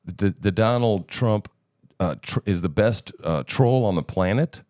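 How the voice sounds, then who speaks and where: A man's voice: lowish voice, expressive, unhurried, a little mellow, no room sound, studio quality. A male host giving sarcastic, profane political commentary over news clips, with emphatic ranting. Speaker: show host.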